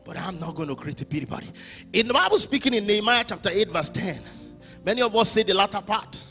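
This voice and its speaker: A man preaching a sermon as pastor, swinging from hushed lines to shouted ones. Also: high-pitched, very animated, quick pace, faint music behind.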